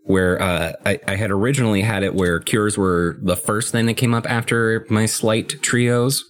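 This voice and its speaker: A young man with a very low voice in relaxed podcast chat about a game. He talks through strategy in long, rambling sentences. His delivery is easygoing and conversational. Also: normal speed. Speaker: podcast co-host.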